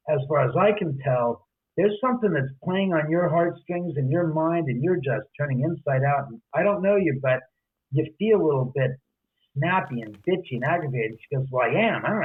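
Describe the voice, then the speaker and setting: A homeowner and author, interviewed as a podcast guest, tells a story and acts out the quoted dialogue, restarting often and going off on asides. His voice sits on the high side with a breathy edge, over tinny phone-line audio.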